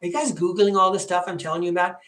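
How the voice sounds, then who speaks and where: A man's voice: high-pitched, rapid-fire, echoey room. Chatty rambling man in his fifties. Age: 50s. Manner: chatty, rambling, animated storyteller. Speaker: podcast host. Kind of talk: casual storytelling monologue.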